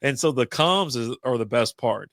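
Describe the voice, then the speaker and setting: A man co-hosting a relaxed podcast over beers, spinning loose, rambling anecdotes and laughing as he goes. His voice sits at an ordinary middle pitch, and the sound is dry and close to the mic. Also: normal speed, no echo. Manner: rambling storyteller, laughs often, swears. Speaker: podcast co-host. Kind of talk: casual beer-drinking chat.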